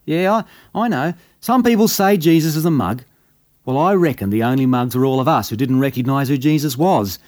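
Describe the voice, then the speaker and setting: A man's voice: mid-range voice, animated, brisk, a little mellow. A man with an Australian accent, telling a story in a folksy, conversational bush-yarn manner as scripted radio narration.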